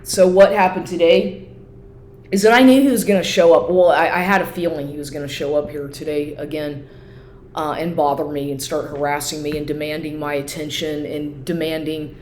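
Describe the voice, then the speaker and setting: A woman vlogger in an upset, profane rant, talking fast and repeating herself. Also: low-pitched, steady tone, darkish tone. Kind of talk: agitated personal rant to camera. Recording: echoey room with faint noise.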